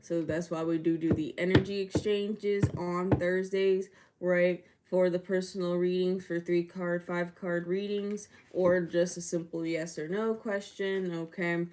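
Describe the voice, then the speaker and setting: Slow, chatty woman livestream host. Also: fairly low pitch, little pitch movement, very noisy. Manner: chatty, laughs often, greets viewers by name. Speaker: livestream tarot reader and host. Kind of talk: casual livestream chat.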